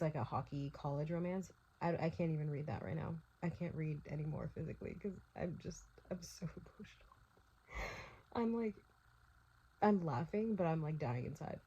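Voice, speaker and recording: A young book vlogger talks casually into her phone at home at night, her low voice mellow and slightly rough on a rough recording. Exhausted and teary, she gushes emotionally about a book and swears freely.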